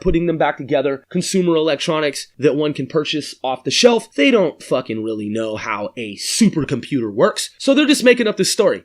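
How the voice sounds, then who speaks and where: A middle-aged man casually explaining a screenplay in a rambling, profane way, acting out the voices of the characters he describes. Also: a little high.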